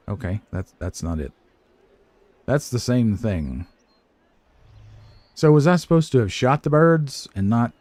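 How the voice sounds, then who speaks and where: An older man with a lowish, mellow voice chats to himself while playing a video game, hesitant and casual, teasing himself about his own fumbling. He sounds like a game streamer, and the recording has no room sound.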